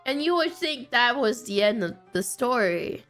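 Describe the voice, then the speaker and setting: A woman streamer telling a story in a casual way, animated and often breaking into laughter. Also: on the high side, normal speed, soft background music.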